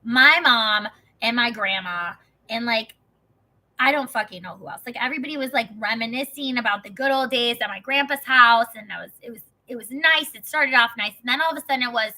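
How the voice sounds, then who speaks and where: A young woman from Wisconsin vents through a personal story in a loose, fired-up vlog. She talks in a high, very bright and sharp voice. She swears freely and strings her sentences together with "like.". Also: brisk, low-quality recording. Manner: profane, heated, heavy use of "like" as filler. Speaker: vlogger. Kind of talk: casual storytelling.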